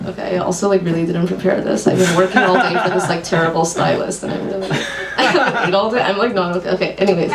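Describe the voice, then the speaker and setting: A woman's voice: lowish voice, fairly even intonation, fast talker, over a noisy crowd. A woman playwright chatting casually on stage before her reading, giggly and self-deprecating. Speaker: playwright reading at an open mic. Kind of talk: casual rambling stage chat. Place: small club room. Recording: echoey room, distant mic, faint hum.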